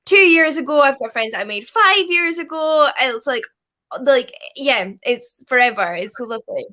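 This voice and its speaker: A woman with a bright, sharp voice pitched a little high, chatting as a guest on a livestream. She talks in an animated way and laughs between her phrases. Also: moderate pace. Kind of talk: casual chat.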